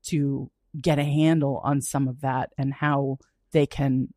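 A woman's voice: very deep voice, little pitch movement, slow, dark tone, dry recording, studio quality. A woman hosting a podcast interview, candid and enthusiastic, swearing freely. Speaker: podcast host.

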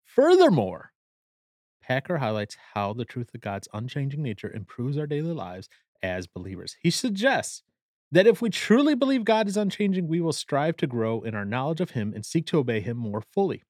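A man's voice: medium pitch, big pitch swings, normal speed, darkish tone, no echo. A man co-hosting a casual podcast about a book, with a dry, teasing sense of humor. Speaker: podcast co-host.

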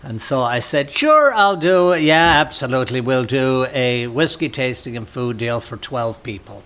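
A man's voice: mid-range voice, expressive, normal speed, fairly bright tone. A middle-aged Irish man, a podcast guest, telling anecdotes in a casual chat and laughing often. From Ireland.

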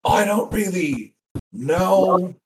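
Guy playing a cheeky Aussie parakeet, slow drawl, somewhat high, faint hiss behind. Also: expressive, full character voice. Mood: flippant. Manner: flippant, laughing, swearing. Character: flippant young male parakeet, sold as pet.

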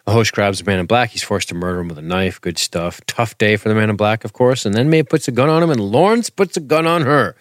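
A man co-hosting a casual podcast, recapping a show in a dry, deadpan way with casual swearing. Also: on the low side, fast talker, hardly any pauses, no room sound. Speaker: podcast co-host.

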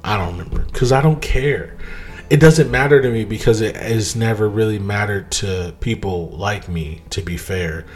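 Emphatic low-voiced man ranting casually. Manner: animated, emphatic, quick pitch jumps when making a point. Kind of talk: casual monologue.

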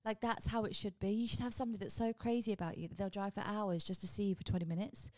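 A woman hosting her own vlog, chatting casually and rambling with quick asides to her viewers. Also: mid-range voice, fairly even intonation, a little mellow, no room sound. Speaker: vlog host. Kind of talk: casual chat.

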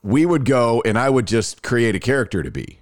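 A man's voice: mid-range voice, a little fast. A man hosting a podcast who chats casually, tells stories and reads ads with gushing enthusiasm. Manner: excitable, gushing, chatty storyteller. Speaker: podcast host. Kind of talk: casual chat and ad read.

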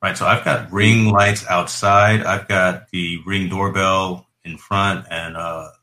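A man hosting a casual tech podcast chat, relaxed and conversational, often restarting his phrases. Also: low-pitched, takes it slowly. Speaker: podcast host. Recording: echoey room.

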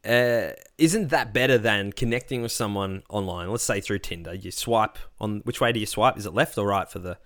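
A man's voice: on the low side, moderate pace, few pauses, a bit bright, no room sound, studio quality. A man, joking and teasing in a casual podcast chat, acting out little scenarios.

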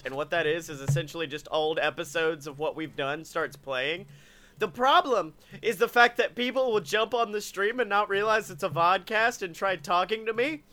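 A man's voice: sits high, sharp tone. A man from Alabama, hosting a comedy podcast, joking, laughing often and swearing freely. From Alabama, USA. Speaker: podcast host. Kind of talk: casual comedic chat.

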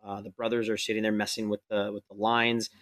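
Bright-voiced casual game master. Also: male voice, on the low side, little pitch movement, a little fast. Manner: casual, full of "like" and "uh" fillers. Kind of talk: narrating a tabletop game. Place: streaming setup.

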